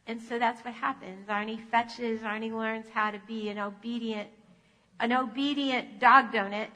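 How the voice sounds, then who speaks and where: A woman pastor telling a children's story in a church sanctuary, animated in manner. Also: on the high side, moderate pace, big-room sound, low-quality recording.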